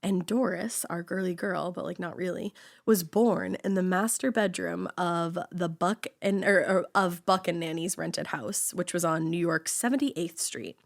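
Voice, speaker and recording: A young woman co-hosts a casual true-crime podcast, carrying the story with chatty, sarcastic asides and the odd swear. Her voice sits a little low for a woman. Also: unhurried, vocal fry. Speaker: podcast co-host telling the story.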